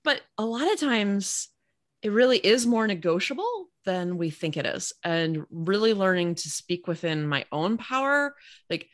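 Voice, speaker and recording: Woman chatting, mid pitch but swings a lot, dry close mic, acts out quotes. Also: measured pace, no room sound. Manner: expressive, quotes herself and others, laughs. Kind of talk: casual chat.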